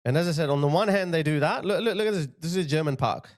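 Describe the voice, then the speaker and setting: A man's voice: a little high, very fast, background noise. A man hosting his channel, giving indignant political commentary over video clips and often repeating himself to point things out. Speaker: channel host.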